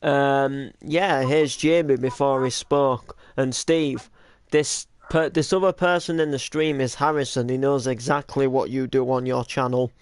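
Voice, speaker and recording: A man's voice: medium pitch, fairly even intonation, measured pace, clear, resonant tone, dry recording. A man chatting casually as a streamer, reacting to an old video, talking easily and laughing often.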